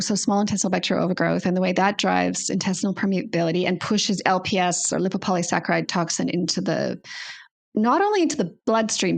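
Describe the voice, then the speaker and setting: Gravelly-voiced woman explaining. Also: fairly low pitch. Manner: thinks aloud with restarts and hedges. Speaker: naturopathic doctor, guest. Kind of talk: conversational expert interview.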